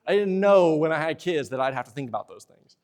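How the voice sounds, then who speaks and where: Animated young male preacher, higher voice. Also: quick pace. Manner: lively preaching, acts out husband and wife exchanges in asides. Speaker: pastor. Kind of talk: sermon. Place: church sanctuary.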